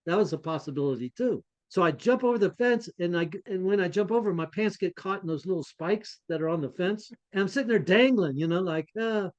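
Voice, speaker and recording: A man co-hosting a podcast, telling a travel anecdote in a casual, animated, self-deprecating way and laughing along. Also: sits high, brisk, few pauses, highs cut off. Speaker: podcast co-host.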